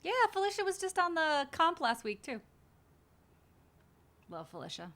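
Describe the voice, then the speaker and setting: Bright-voiced woman hosting a watch party. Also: sits high, big pitch swings, moderate pace. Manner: chatty, blunt, swears casually. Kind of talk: casual reaction commentary.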